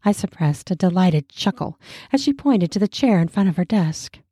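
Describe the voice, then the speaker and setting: A woman reading an erotic story aloud, slow and sensual. Her voice is mellow and breathy, a little low, close and dry. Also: lively intonation, dry recording.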